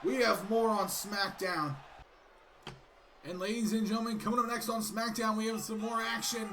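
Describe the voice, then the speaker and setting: A man doing excitable play-by-play commentary of a wrestling video game, keeps breaking off with sudden interruptions. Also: sits high, normal speed, background noise.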